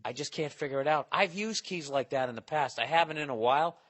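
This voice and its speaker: A man in his forties hosting a podcast, telling a comic story in a profane, animated rant. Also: a little high, fast. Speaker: podcast host. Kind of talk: casual comedic monologue.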